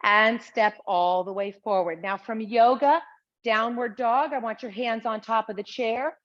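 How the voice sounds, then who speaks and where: A woman teaching a chair exercise class, calmly and steadily cueing each breath and movement. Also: a little high, measured pace. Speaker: Pilates instructor. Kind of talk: guided exercise class instruction. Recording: slightly dull lo-fi sound.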